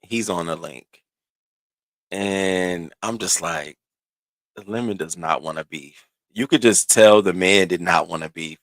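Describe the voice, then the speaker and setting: Animated man telling a story casually. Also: deep voice, no echo. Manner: animated, restarts and stammers, swings into quoted voices. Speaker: streamer recounting online drama.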